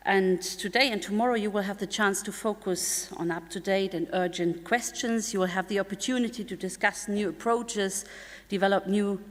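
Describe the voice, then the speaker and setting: A woman, a deputy mayor, giving a lively conference welcome address with small laughs and restarts. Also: medium pitch, moderate pace. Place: large concert hall. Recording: echoey hall from a stage mic.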